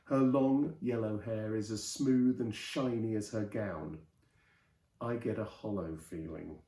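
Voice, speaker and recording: A man reading an old novel aloud in a lively storytelling manner, his voice mellow and warm. The recording is roomy, with a clear echo around him. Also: lowish voice, slow. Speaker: host and reader.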